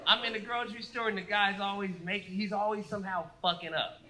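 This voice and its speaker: A man's voice: sits high, fairly even intonation, fast talker, noisy background. A man doing a brash, profane, rambling stand-up comedy set.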